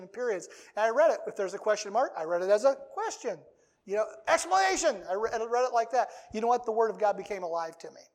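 Middle-aged male pastor, high voice, conversational sermon delivery with loud peaks. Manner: conversational preaching, rising to loud bursts.

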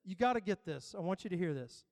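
A man's voice: sits high, animated, fast, darkish tone, long reverb tail. A man preaching a sermon as pastor, building emphasis through repetition. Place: church.

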